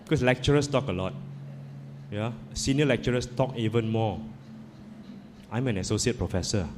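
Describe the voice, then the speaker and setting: A man's voice: fairly low pitch, normal speed. Male lecturer, joking storyteller, echoey hall, faint hiss. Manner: joking, storytelling, checks in with audience. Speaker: lecturer, associate professor. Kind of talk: humorous public talk.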